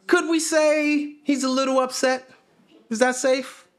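A man's voice: very high voice, steady tone, a little slow. A man preaching a sermon, asking his listeners questions and repeating phrases for emphasis. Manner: conversational, asks the congregation questions. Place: church.

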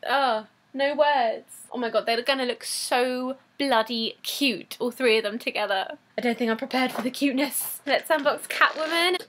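Excitable woman, high and bright, casual unboxing vlogger who gushes and laughs. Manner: gushing, excitable, laughs often. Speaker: YouTuber opening fan mail.

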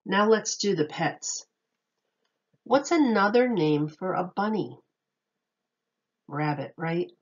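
Slow, patient woman teacher reading aloud. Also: on the low side, animated, highs cut off. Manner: slow, patient, asks children questions. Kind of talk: reading a picture book aloud to children.

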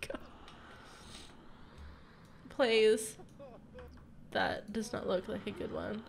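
A woman's voice: mid-range voice, animated, drawn-out words, gravelly, pauses often, slight background noise. A young woman doing casual, laughing gameplay commentary with dramatic exasperated outbursts. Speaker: gaming youtuber.

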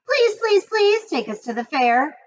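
A flock of tiny goslings pleads in very high, piping voices, as a woman puts them on. They beg insistently in a storybook reading, on a dull recording with faint hiss. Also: big pitch swings, measured pace, heavily acted. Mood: begging. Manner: high, begging, repetitive. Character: chorus of pleading little goslings.

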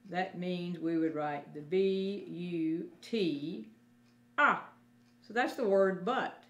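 Sunday school teacher woman, low and roomy. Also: a little slow. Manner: gentle, explains step by step, talks to children. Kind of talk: children's Bible lesson.

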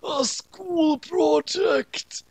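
A man's voice: extremely high pitch, very slow, creaky, dry recording, voice pushed up, full character voice. A man voicing an awkward young man who tries not to seem creepy.

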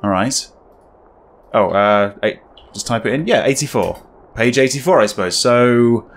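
A man's voice: lowish voice, moderate pace, long pauses. A man giving casual, wry commentary while playing a horror game, thinking aloud. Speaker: gaming video creator.

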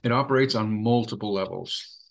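A man presenting a training webinar in an earnest, measured way, with many fillers. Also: on the low side, gravelly. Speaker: webinar presenter for a sexual assault coalition.

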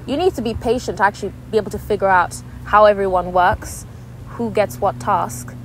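Animated young woman chatting casually. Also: mid-range voice, a little fast, a little hiss or hum. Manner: animated, acts out quoted voices. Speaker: podcast co-host. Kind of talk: casual chat.

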